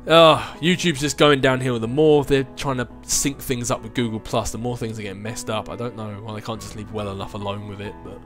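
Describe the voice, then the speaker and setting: A man's voice: medium pitch, steady tone, a little fast, few pauses, music in the background. Chatty young man, rambling Q&A host. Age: 20s. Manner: rambling, chatty, with frequent restarts and laughs. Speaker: YouTube channel host answering viewer questions. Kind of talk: casual chat.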